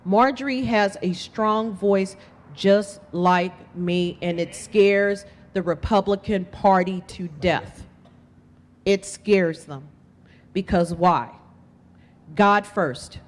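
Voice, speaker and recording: Woman candidate, slow and emphatic, impassioned speech in a reverberant hall. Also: mid-range voice. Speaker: political candidate. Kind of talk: campaign speech. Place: event hall.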